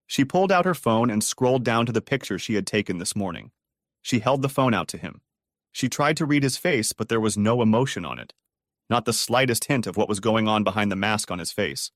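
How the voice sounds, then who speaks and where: A man's voice: fairly low pitch, animated, a little fast, fairly bright tone, dry recording, clean studio sound. A man narrating a dramatic storybook audio reading.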